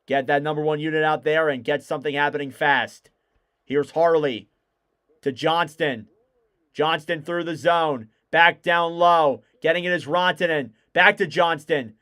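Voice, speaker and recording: A man calling live hockey play-by-play on his stream, quick and excitable. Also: fairly high pitch, clear, resonant tone. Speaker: livestream commentator.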